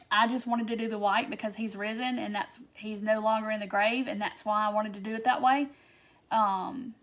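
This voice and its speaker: A woman's voice: fairly high pitch, a bit bright. A chatty woman hosts a casual craft tutorial livestream and answers viewer comments as she goes.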